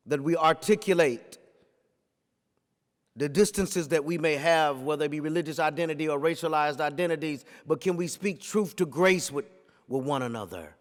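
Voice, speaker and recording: Male preacher at a lectern; story-driven talk in a preaching cadence, echoing hall. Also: fairly high pitch. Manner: rhetorical, repeats phrases for emphasis, builds to forceful peaks. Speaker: pastor giving a talk.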